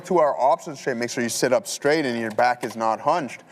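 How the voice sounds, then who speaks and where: A man's voice: medium pitch, moderate pace. A man giving casual live market commentary as a trading show host, talking through trades with fillers. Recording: long hall reverb.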